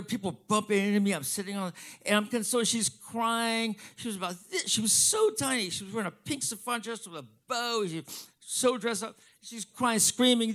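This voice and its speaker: A man telling a profane stand-up story in an animated, excitable way. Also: very high-pitched. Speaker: comedian.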